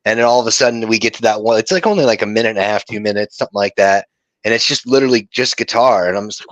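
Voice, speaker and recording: A man's voice: lowish voice, racing, dry recording. A man co-hosting a music podcast, chatting casually, blunt and swearing freely. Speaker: podcast co-host.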